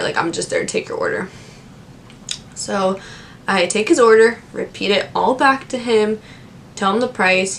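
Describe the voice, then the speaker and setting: A young woman casually telling stories from her old service jobs to the camera, chatty and animated, with lots of fillers. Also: mid-range voice, a little hiss or hum. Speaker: vlogger.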